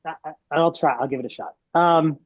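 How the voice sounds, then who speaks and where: A man's voice: fairly high pitch, fairly even intonation, brisk, dry recording. A man who works as a teacher, talking casually as an interview guest and rambling with lots of fillers. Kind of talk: casual video call interview. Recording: dry, dull lo-fi sound.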